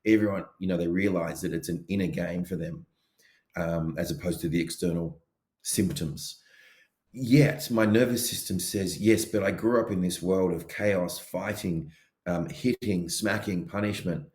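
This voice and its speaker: A man co-hosting a podcast in casual chat, animated as he acts out his inner voices. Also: deep voice, normal speed, echoey room. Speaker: podcast co-host.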